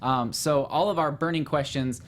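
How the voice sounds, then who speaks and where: A woman hosting a casual chat, talking quickly with lots of fillers and animated retellings. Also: sits low. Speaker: host. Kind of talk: casual chat about a TV show.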